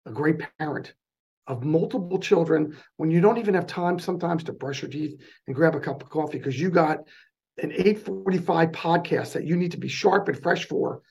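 Man, New Jersey accent, fast and animated, gravelly, husky. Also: fairly high pitch. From North New Jersey. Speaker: guest, charity president. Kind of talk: casual interview.

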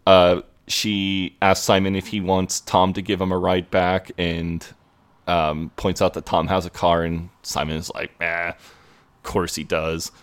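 A man's voice: sits low, flat delivery, unhurried, clear, resonant tone. A man co-hosting a podcast, recapping an episode in casual chat, rambling with lots of fillers. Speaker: podcast co-host.

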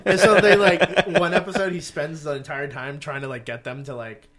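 A man co-hosting a casual podcast chat, telling a story and acting out the lines in high, excited voices. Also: normal speed, a crowd in the background. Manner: animated storyteller, acts out quotes in high voices. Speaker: podcast co-host.

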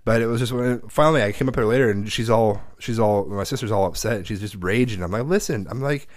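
Profane, animated man telling family stories. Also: on the low side, fast talker, no room sound, clean studio sound. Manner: profane, animated storyteller who acts out quotes. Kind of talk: casual storytelling chat.

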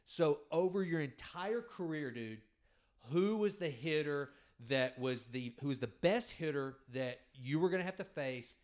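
A man's voice: a little high, expressive, unhurried, darkish tone. A man in his forties hosting a casual interview podcast, talking in a rambling, enthusiastic way and often restarting his thoughts. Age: 40s. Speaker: podcast host.

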